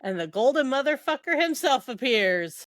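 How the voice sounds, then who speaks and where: A woman's voice: high-pitched, big pitch swings, moderate pace, fairly bright tone, no echo. A young adult woman co-hosting a podcast, retelling book scenes casually with quoted dialogue and lots of fillers. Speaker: podcast co-host.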